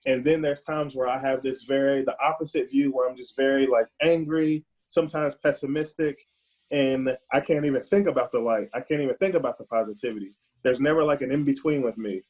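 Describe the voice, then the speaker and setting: Dark husky-voiced man, earnest. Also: medium pitch, steady tone, brisk, poor audio. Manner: earnest and forceful, with repeated restarts. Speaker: podcast guest. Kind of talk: casual discussion.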